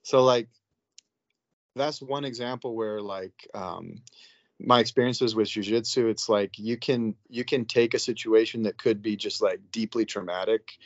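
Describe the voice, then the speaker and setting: Man, interview guest, low voice, casual rambling storyteller, dry lo-fi recording. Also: steady tone, a little slow, no room sound. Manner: loose and conversational, with frequent "like" and "you know". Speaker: interview guest, psychiatric nurse. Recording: dull, dry, lo-fi sound.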